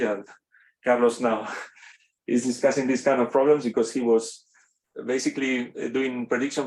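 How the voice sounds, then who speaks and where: A man with a Spanish accent, a native Spanish speaker, giving an unscripted course lecture in a classroom, halting often, with many fillers and restarts. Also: medium pitch.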